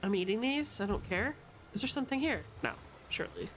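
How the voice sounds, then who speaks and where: A young adult woman streaming a video game with loud, playful, swearing commentary and frequent yells at the game. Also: on the high side, animated, brisk, slight background noise. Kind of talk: casual gameplay commentary.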